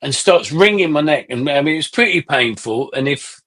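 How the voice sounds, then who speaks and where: A middle-aged man, a musician guest on a podcast, telling animated anecdotes in casual conversation and swearing freely. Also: fairly high pitch, fairly quick.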